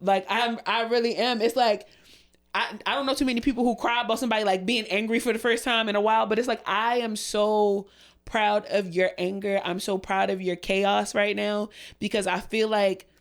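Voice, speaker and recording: A young woman co-hosting a podcast talks at an ordinary pitch for a woman. She gets worked up and cusses freely, and her voice sounds emotional and close to tears. She talks in long, heartfelt stretches. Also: fairly even intonation, normal speed. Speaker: podcast co-host. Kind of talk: casual chat.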